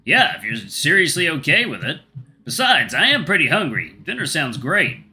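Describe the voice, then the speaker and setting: A man's voice: fairly high pitch, huge pitch swings, moderate pace, bright, forceful tone, faint music behind, voice pushed up, heavily acted. A man voicing an easygoing, polite young man in a visual novel read-aloud. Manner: easygoing, friendly.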